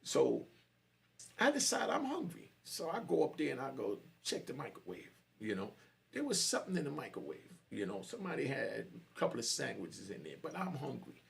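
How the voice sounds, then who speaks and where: A man's voice: mid-range voice, sing-song, brisk, creaky. A man telling his own jail story in casual street slang, often saying "you know".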